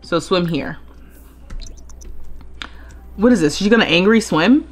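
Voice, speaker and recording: A woman's voice: lowish voice, animated, slow, soft background music. A young woman streaming a life-simulation game live, chatting and thinking aloud as she plays. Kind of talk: live gameplay commentary.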